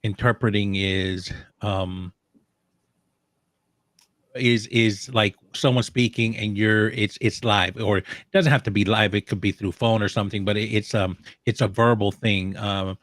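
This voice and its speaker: A man chatting casually on a talk show, telling animated stories with frequent restarts and laughs. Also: on the low side, unhurried, no echo, studio quality. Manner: animated storyteller, laughs often, many restarts. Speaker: co-host of a social media talk show. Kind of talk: casual chat.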